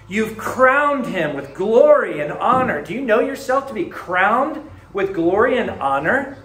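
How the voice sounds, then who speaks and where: Animated male pastor preaching in an echoey room. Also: fairly high pitch. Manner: animated, swings from hushed to emphatic. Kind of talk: sermon.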